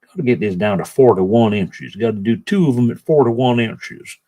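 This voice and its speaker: A man's voice: medium pitch, lively intonation, a little fast, mellow, close to an everyday voice. A man putting on a bad Southern US accent, playing a folksy workman who talks himself through cutting lumber in a chummy drawl. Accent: put-on Southern US. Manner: drawling, chummy self-talk.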